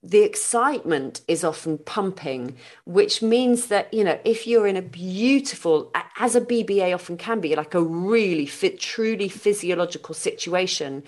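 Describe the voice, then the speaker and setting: A woman's voice: on the low side, expressive, moderate pace, hardly any pauses, a little mellow. A woman hosting a podcast interview, talking thoughtfully with many restarts. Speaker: podcast host. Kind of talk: casual conversational interview.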